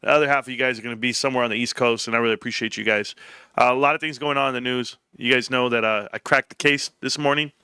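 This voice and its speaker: A man hosting a casual livestream, chatting to viewers and telling an excitable story, jumping up in pitch when he quotes people. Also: fast, clean tone, no echo, studio quality. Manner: excitable storyteller, jumps high when quoting others. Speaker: livestream host. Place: home, evening livestream.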